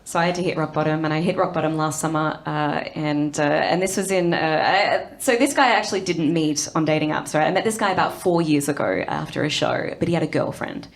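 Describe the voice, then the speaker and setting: A woman's voice: low voice, fairly quick, few pauses. An Australian woman in her thirties doing stand-up, telling a bawdy story in a brash, conversational way with constant tag questions. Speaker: stand-up comedian. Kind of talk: stand-up comedy. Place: comedy stage before an audience.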